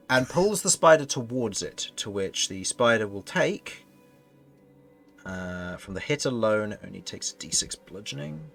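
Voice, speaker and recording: A man's voice: fairly low pitch, vocal fry, a bit bright. A man narrating as game master of a tabletop fantasy game, rambling and correcting himself as he goes. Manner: rambling, self-correcting narration with frequent laughs.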